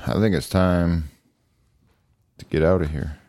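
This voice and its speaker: A man's voice: deep voice, a little slow, darkish tone. A man co-hosting a podcast, tossing in profane wisecracks during casual chat. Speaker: podcast co-host.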